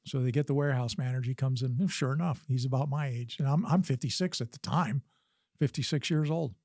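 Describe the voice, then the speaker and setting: A man's voice: medium pitch, fast talker, a little mellow, no room sound, studio quality. An older man, a podcast guest and former combat physician, telling a story in an interview with earnest delivery and frequent restarts. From United States.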